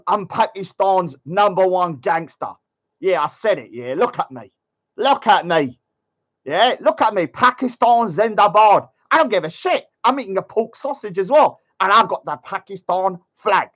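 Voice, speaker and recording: A man's voice: sits high, expressive, measured pace, a bit bright, dull audio, heavily acted. Man putting on a swaggering show-off. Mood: boastful. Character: boastful taunting young man showing off.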